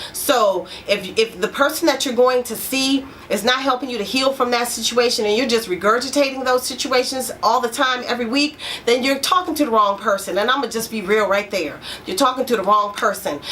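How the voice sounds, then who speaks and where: A woman's voice: a little high, a bit bright, slight background noise. A middle-aged woman, a therapist and life coach, giving a frank, emphatic motivational talk to her program members and repeating key phrases for effect.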